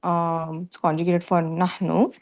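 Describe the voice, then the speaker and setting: A woman student parses grammar aloud in class, hesitant and full of pauses. Her voice sits a little low. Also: little pitch movement, darkish tone. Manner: hesitant, many fillers while analyzing. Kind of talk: reading and parsing aloud in class.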